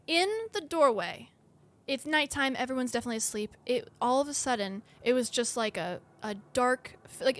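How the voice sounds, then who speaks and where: A woman co-hosting a casual podcast, telling a ghost story in an animated, halting way with many restarts. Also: fairly high pitch. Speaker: podcast co-host.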